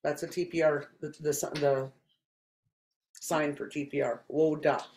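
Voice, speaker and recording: A woman teaching a language class, saying each word several times slowly and clearly for learners. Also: deep voice, fairly even intonation, darkish tone. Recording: echoey classroom.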